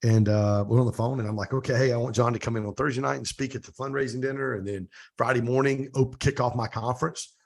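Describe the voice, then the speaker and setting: A middle-aged man with a gravelly, husky voice tells a story in a relaxed interview. He is animated and acts out the lines of the people he quotes, and his voice is pitched in an ordinary range for a man. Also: quick pace, hardly any pauses. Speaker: podcast guest.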